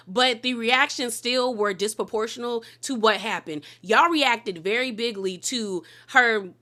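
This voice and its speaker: A woman's voice: mid-range voice, pushed and bright. A woman giving a casual, sassy recap of a reality show, chatting and calling people "girl". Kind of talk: casual commentary.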